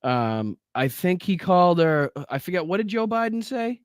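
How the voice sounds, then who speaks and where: A man's voice: high voice, sing-song, normal speed, smooth, dry recording, clean studio sound. A man hosting a livestream, reacting to news clips with mocking, profane commentary and frequent laughter. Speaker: livestream host.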